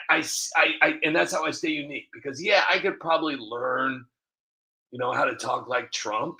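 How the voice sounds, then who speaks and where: A man's voice: medium pitch, normal speed, sharp tone. A man, a video creator, rambling casually to the camera with many restarts and fillers, often laughing at himself.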